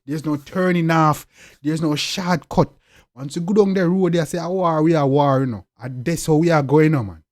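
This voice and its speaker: Forceful young Jamaican man, dry sound. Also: fairly high pitch, normal speed, no room sound. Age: young adult. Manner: forceful, repetitive, with loud emphatic bursts. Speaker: interviewee. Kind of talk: interview talk.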